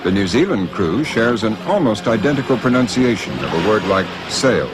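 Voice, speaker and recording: A man narrating a documentary in a scripted, measured delivery. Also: fairly low pitch, sing-song. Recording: music bed under narration.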